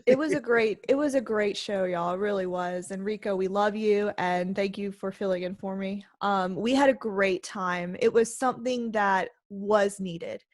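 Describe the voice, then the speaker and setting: A woman co-hosting a podcast, chatting casually in an excitable, talkative way. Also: medium pitch. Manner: excitable, chatty, quick to laugh. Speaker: podcast co-host.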